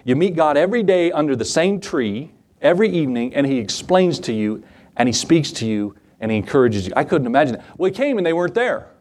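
Animated male preacher, lively pitch. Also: fast, slight background noise. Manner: animated, acts out Bible scenes in voices. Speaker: pastor. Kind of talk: sermon.

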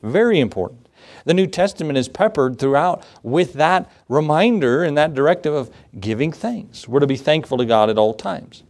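A man's voice: a little high, expressive, normal speed, a little mellow. A middle-aged male pastor preaching a sermon in a conversational, storytelling way, with fillers and asides.

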